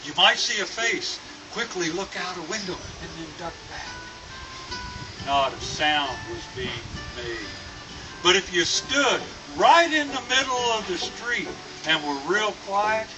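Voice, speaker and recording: A man slowly telling a long cowboy joke as a storyteller. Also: high-pitched, sing-song, far from the mic, over music, poor audio. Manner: slow, drawn-out storytelling. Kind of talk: telling a tall-tale joke.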